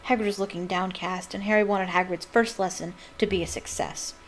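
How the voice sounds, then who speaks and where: A woman's voice: mid-range voice, steady tone, a little fast, slight background noise, low-quality recording. A woman who reads a novel aloud as a fan, with enthusiastic, chatty asides. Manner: enthusiastic, laughs at her own asides.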